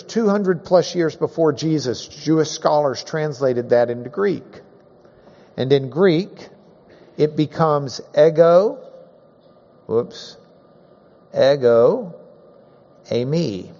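A high-pitched man teaches a Bible class, unhurried and folksy, drawing out the words that matter. His voice rings through a large hall with a long echo, and the recording sounds muffled and dull. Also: warm tone. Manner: folksy and joking, drawn-out emphasis on key words.

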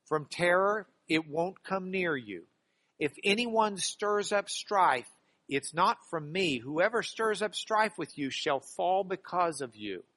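A man preaching in a church with a high, bright voice. He is lively and playful, and he acts out the scripture he quotes with humor. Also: slow. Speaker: pastor. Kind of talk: sermon.

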